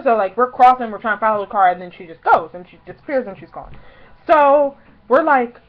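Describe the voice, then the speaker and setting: A woman's voice: on the high side, fast talker, highs cut off. Chatty young woman telling a story. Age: 20s. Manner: chatty, fills talk with "like", acts out her own past lines loudly. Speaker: vlogger. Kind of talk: casual storytelling vlog.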